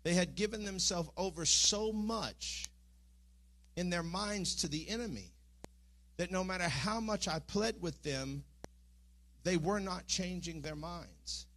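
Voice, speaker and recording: A man's voice: high voice, measured pace, a bit bright. A middle-aged man, preaching a sermon in a church with earnest speech that rises into impassioned pleading. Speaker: pastor. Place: church sanctuary.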